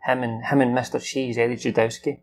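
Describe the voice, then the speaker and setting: A man's voice: mid-range voice, flat delivery, brisk. A young man rambling through a film recap from memory, swearing freely and acting out the characters' lines.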